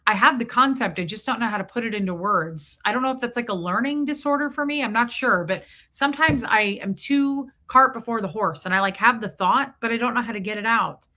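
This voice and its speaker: Bright-voiced woman streamer chatting. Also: a little high, brisk, hardly any pauses. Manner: rambling, thanks viewers by name as she talks. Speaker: livestream host. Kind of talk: casual livestream chat.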